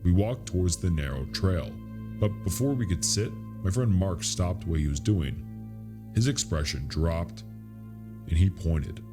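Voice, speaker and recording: A man reading a scary true story as a narrator, in a slow, hushed, suspenseful delivery. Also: sits low, animated, music in the background. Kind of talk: scripted horror story narration.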